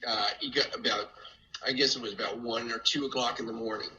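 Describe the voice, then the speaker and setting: An older man telling casual stories with animated delivery, laughing often and acting out voices. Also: medium pitch, brisk, echoey room, low-quality recording. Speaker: family friend telling stories. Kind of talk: casual storytelling.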